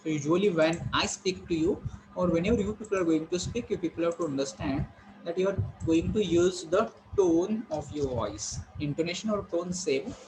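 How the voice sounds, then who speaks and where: A man teaching online, explaining slowly with frequent fillers and repetition. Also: fairly high pitch, background noise. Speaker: English teacher. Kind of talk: online lecture to students.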